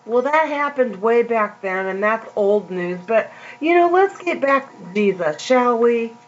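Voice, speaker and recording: A woman preaching in a casual, chatty way, her voice set a little high and her words unhurried and stretched out. The recording is dull and lo-fi, with a steady mains hum underneath. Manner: slow, drawn-out scripture reading with chatty asides. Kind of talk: casual sermon.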